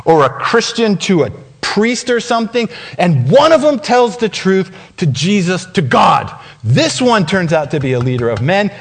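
A man's voice: high-pitched, husky. A man preaching a sermon as pastor, telling a story and acting out the dialogue with laughs along the way. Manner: animated, acts out dialogue with laughs. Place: church sanctuary.

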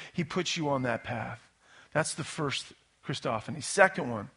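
Male pastor, fairly high and bright tone, casual but punchy sermon delivery. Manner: animated, conversational preaching with sudden loud emphasis.

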